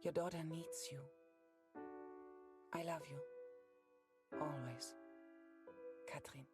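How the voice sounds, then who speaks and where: Game letter read by a loving wartime wife; slow, gentle, raspy, piano underneath. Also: female voice, sits low, fairly even intonation. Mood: tender worried. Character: loving wife writing to her husband at war. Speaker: game character reading a letter. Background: piano music.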